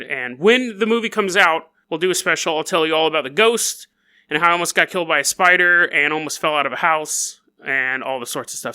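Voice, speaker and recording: A man hosting a podcast, telling a strange story in a playful, jokey way with quick asides. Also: high-pitched, sharp tone, smooth. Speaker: podcast host. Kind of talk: casual comedic storytelling.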